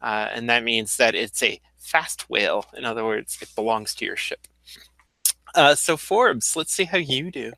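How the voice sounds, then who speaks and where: Bright, dry-voiced man running a game. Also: medium pitch, unhurried, creaky, no room sound, rough recording. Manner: explanatory, loose with many fillers and restarts. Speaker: game master. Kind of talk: narrating a tabletop game.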